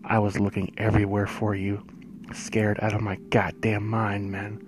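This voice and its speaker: A man's voice: fairly low pitch, monotone, moderate pace, slight background noise, close to an everyday voice. A man voicing his frightened hunting buddy in a spooky campfire story, tense and swearing. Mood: scared, angry.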